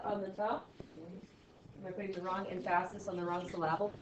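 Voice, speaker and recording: A woman's voice: medium pitch, moderate pace. Playful woman teaching in echoey classroom. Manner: playful, sarcastic asides to students. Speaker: math teacher. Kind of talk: classroom lecture. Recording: echoey, distant, dull classroom audio.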